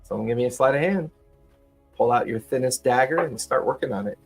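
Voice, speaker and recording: A man running a tabletop game as game master, narrating in a relaxed, halting way with repeats. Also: mid-range voice, vocal fry, faint music behind.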